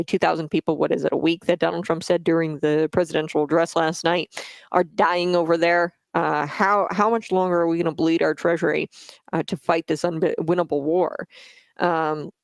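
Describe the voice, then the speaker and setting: A woman's voice: sits low, gravelly, no room sound. Lady talk radio host, blunt hot takes, lots of uh and um, dead dry studio sound. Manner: blunt, opinionated, frequent fillers and restarts. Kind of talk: opinionated talk radio commentary.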